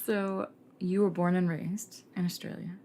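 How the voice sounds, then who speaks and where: A woman's voice: on the low side, flat delivery, measured pace, warm tone, slight background noise. A woman hosting a podcast, flirtatious and wry, talking while lying in bed. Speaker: podcast host. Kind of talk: scripted intro narration and casual interview chat.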